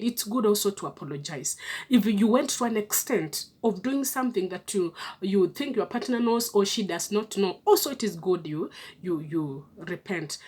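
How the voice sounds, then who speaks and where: A woman's voice: medium pitch, darkish tone, husky. A woman giving earnest relationship advice to viewers, coaxing them along and often checking in with a questioning "hmm?".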